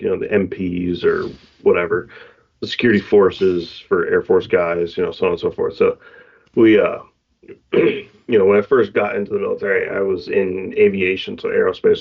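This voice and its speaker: A man's voice: low voice, gravelly, husky. A man co-hosting a podcast, telling a story in a laid-back casual chat and laughing often. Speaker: podcast co-host. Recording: dull lo-fi sound.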